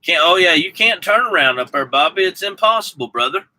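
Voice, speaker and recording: In a rough recording, a trucker from the American South rambles animatedly to his live-chat viewers, naming them as he goes. His voice sits high, sounds sharp, and moves a little fast.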